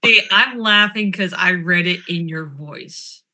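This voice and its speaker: A player at a tabletop role-playing game, chatty and quick to correct themselves. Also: medium pitch, sharp tone. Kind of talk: casual game table chat.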